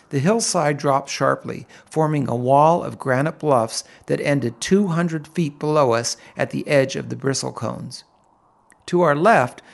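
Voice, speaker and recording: A middle-aged man reading a first-person story aloud, in an unhurried, vivid and descriptive manner. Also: mid-range voice, gravelly. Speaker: narrator. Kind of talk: first-person audiobook narration.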